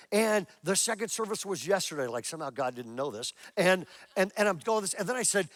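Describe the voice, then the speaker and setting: A man's voice: high voice, expressive, fast, hardly any pauses, a bit bright, no echo, clean studio sound. A man in his sixties, a pastor preaching a sermon to a church congregation, telling a story with animation and acting out his own prayers. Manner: asks the congregation questions.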